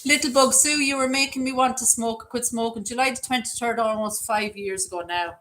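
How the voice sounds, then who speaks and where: Irish lady on a livestream, bright and chatty, goes off on long tangents. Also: on the high side, brisk, low-quality recording. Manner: chatty, rambling storyteller. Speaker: livestream host. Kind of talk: casual livestream chat reading comments.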